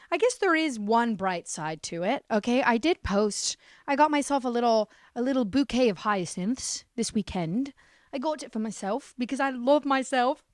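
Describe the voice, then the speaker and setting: A woman's voice: mid-range voice, dry recording, studio quality. A young woman hosting her own podcast, talking alone in a sarcastic, self-deprecating way, swearing freely and sounding a bit stuffy from a cold. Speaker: podcast host. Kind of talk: casual solo podcast monologue.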